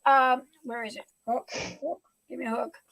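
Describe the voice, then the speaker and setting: A woman's voice: sits high, steady tone, moderate pace, gravelly, a bit bright, no room sound, poor audio. A middle-aged woman hosting her livestream at home, gushing and talking through tears. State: tearful. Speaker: livestream host. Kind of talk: casual live chat.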